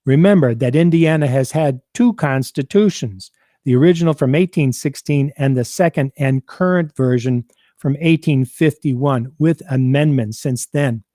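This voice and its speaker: A man hosting a civics program, reading out and explaining a state constitution in a measured, deliberate way. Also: medium pitch, mellow, no room sound, clean studio sound. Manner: measured, deliberate, quotes documents aloud.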